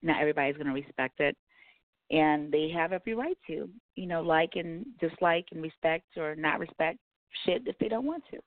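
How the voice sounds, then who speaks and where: Low-voiced woman ranting on phone-line radio. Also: lively intonation, fairly quick, no echo. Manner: blunt, frank, with casual swearing. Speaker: radio show host. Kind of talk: opinionated radio rant. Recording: tinny phone-like audio.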